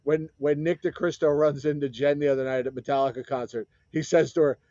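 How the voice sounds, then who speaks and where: A man's voice: a little high, fairly even intonation, brisk, mellow, no room sound, lo-fi sound. A man co-hosting a casual talk show with easygoing, wry remarks. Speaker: co-host. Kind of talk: casual chat.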